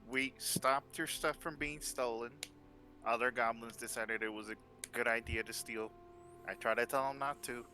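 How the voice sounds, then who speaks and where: A man playing a tabletop game, talking in a relaxed, hesitant way. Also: mid-range voice, moderate pace, faint music behind. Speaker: player. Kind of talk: casual role-play chat.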